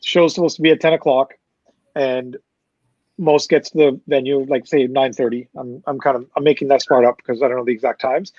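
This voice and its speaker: A man with a Canadian accent casually recounting a story as a promoter, animated, swearing and acting out the people he quotes. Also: medium pitch, fairly quick, dry recording. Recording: slightly muffled dry recording.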